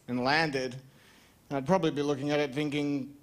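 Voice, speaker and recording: High-voiced Australian stand-up comic. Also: male voice, a little fast. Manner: chatty, animated, with put-on voices for bits. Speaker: stand-up comedian. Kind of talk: stand-up comedy set. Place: comedy club stage.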